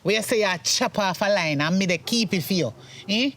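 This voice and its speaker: A man's voice: high-pitched, brisk, a bit bright. Man playing a scolding Jamaican mother. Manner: scolding, then apologetic. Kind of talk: comedy skit acting.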